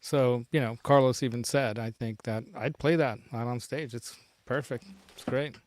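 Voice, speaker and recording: A man's voice: medium pitch, steady tone, normal speed, a little mellow. A middle-aged man hosting a casual livestream from his home studio, rambling with a lot of fillers and chuckles. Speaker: show host.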